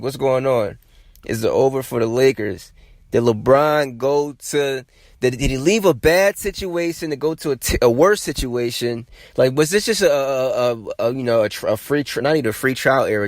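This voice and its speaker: A man hosting a sports podcast, talking in a casual, animated and emphatic way, often repeating himself. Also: medium pitch, no room sound. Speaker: podcast host.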